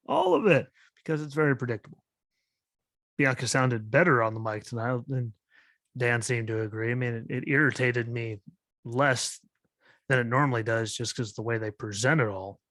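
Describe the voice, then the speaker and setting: A man's voice: medium pitch, a bit bright, no echo, clean studio sound. Exasperated man ranting on a podcast. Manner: exasperated, skeptical ranting with frequent "like" and "literally". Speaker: podcast host. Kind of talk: solo wrestling commentary podcast.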